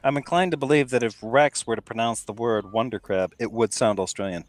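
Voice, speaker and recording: A man chatting as a guest on a live stream, musing in a halting way. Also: mid-range voice, no echo. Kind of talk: casual live-stream chat.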